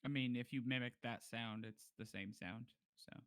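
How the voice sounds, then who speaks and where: A man's voice: medium pitch, fairly even intonation, moderate pace, no echo. A man narrating as game master of a tabletop game, laid-back and dry.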